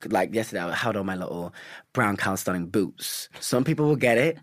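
A young man, a stage actor, chatting as a guest, telling quick animated stories full of slang. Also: lowish voice, dry recording, clean studio sound. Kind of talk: casual chat.

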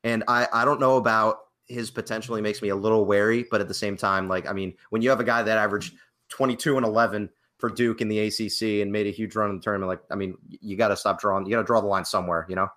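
A man's voice: fairly low pitch, steady tone, fast, a bit bright. A young man co-hosting a casual live sports podcast, chatty and opinionated, laughing often. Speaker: podcast co-host. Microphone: webcam and computer mic.

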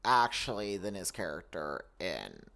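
A man's voice: sits low, wildly swooping pitch, a little slow, creaky, bright, forceful tone. A man co-hosting a podcast in casual, campy chat, swearing freely. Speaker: podcast co-host.

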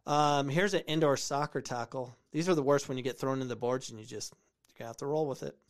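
A man's voice: medium pitch, quick pace. A man hosting a show about soccer clips, giving casual, opinionated commentary and repeating phrases for emphasis. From United States. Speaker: podcast host reviewing soccer clips.

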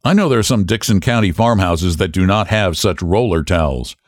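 A man's voice: sits low, animated, a little fast, dry recording, studio quality. A man voicing a smug, patronizing young county attorney in an audiobook.

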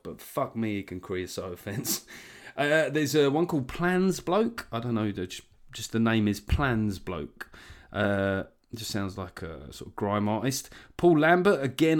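A man hosting a podcast, talking in a rambling, sweary way with jokey asides. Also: on the low side. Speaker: podcast host. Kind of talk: casual solo monologue.

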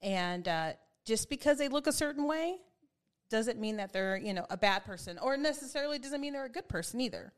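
A woman's voice: on the high side, expressive, brisk. A middle-aged woman chatting as a podcast guest, laughing often as she tells family stories. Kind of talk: casual chat.

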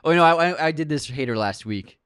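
A man's voice: on the high side, animated, fairly quick, fairly bright tone, smooth, no echo, studio quality. A man co-hosting a casual film podcast, reading listener comments aloud and laughing often. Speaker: podcast co-host.

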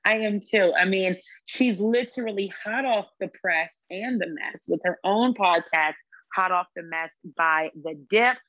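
A woman's voice: mid-range voice, a bit bright, no room sound, muffled recording. Chatty woman podcast host, dry sound. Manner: chatty, quick quips and laughs. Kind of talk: casual chat.

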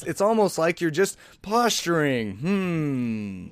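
A man's voice: on the high side, sing-song, unhurried, few pauses, dry recording, clean studio sound. A man hosting a podcast, casually commenting on satirical headlines in a rambling, sarcastic way with frequent restarts. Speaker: podcast host.

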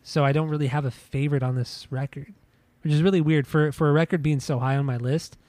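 A man's voice: a little high, fairly even intonation, fast, a little mellow, no room sound. A man co-hosting a podcast, talking casually about music in a rambling way with many restarts. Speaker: podcast co-host. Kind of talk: casual chat.

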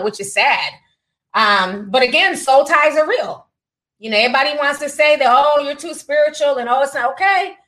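A woman's voice: high-pitched, a bit bright, poor audio. Sassy chatty woman livestreamer. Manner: chatty, sassy, laughs often, says honey and child. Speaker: livestream host reading super chats. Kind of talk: casual celebrity gossip livestream.

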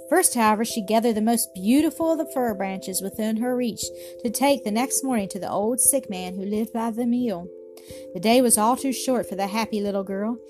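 Woman narrating a children's story. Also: on the high side. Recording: music playing behind.

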